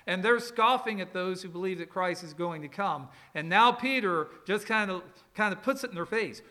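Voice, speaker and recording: Bright high-voiced male preacher. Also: moderate pace, few pauses. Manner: expository preaching with Greek word study and personal stories; emphatic, with dramatic rises and soft asides. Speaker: pastor. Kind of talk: sermon.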